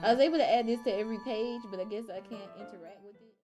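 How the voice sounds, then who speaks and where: A woman's voice: a little high, very fast. A woman streaming a visual novel, reading the game's lines aloud in a chatty, playful way and often breaking off mid-sentence. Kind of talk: casual let's-play commentary, reading game text aloud. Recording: game music playing behind the voice. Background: game music.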